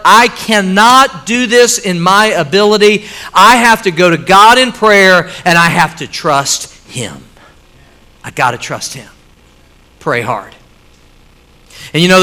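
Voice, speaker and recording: A man's voice: sits high, pushed and bright, clean tone. A man preaching a sermon to his church, emphatic and repeating key phrases for weight. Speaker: pastor. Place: church sanctuary with congregation.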